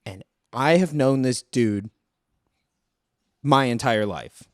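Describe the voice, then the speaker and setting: A man's voice: mid-range voice, slow pace, no echo, studio quality. A young man co-hosting a podcast, telling stories in casual chat and swearing freely. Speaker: podcast co-host.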